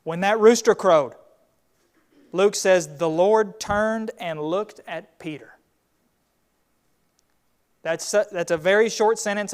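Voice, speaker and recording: A man's voice: fairly high pitch, clear, resonant tone. A man teaching a Sunday Bible class, retelling a scripture scene in a conversational way.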